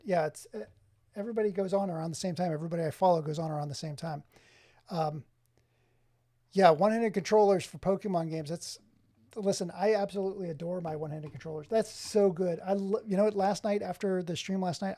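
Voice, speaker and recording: A man streaming live from his home office, chatting excitedly with viewers and exclaiming often. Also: high-pitched, fast. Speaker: streamer showing his game collection. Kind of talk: casual live-stream chat.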